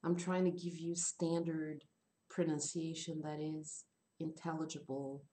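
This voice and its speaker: Low, mellow-voiced woman teaching a class. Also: flat delivery. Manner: explains slowly, repeats and rephrases words. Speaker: English teacher. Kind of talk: online class lesson.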